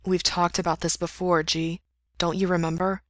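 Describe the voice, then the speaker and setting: A woman voicing a guarded young man who speaks in a hushed, firm way, read aloud from a story. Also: lowish voice, flat delivery, normal speed, dry recording, studio quality, natural voice.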